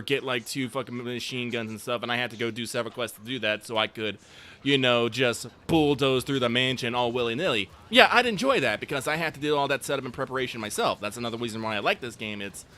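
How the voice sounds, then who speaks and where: A man's voice: mid-range voice, quick pace, bright, forceful tone. A man co-hosting a live stream while playing a game, talking in a loose, casual way and swearing freely.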